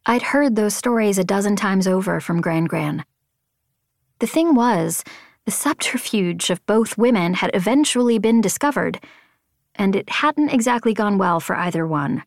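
A woman narrates a first-person adventure novel with expressive, tense delivery. Her pitch swings in a lively way, and the sound is close and dry. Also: moderate pace, dry recording. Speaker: audiobook narrator.

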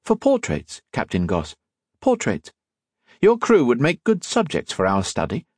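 A man voicing a polite, clever young gentleman in a storybook reading, earnest and eager. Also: medium pitch, wildly swooping pitch, measured pace, husky, no room sound, studio quality, exaggerated voice. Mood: persuasive.

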